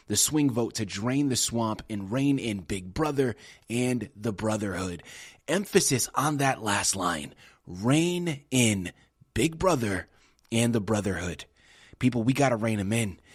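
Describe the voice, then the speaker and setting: A man hosting a radio interview, wrapping up with an energetic, emphatic pitch aimed straight at the listeners. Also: breathy edge, no room sound, clean studio sound. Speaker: radio show host. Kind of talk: interview host wrap-up.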